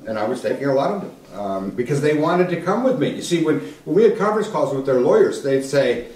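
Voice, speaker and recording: A man's voice: medium pitch, expressive, fast talker, few pauses, darkish tone. Older man telling a story in an echoey room. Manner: conversational, acts out quoted dialogue. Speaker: keynote speaker. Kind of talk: storytelling talk. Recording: echoey room, voice from some distance.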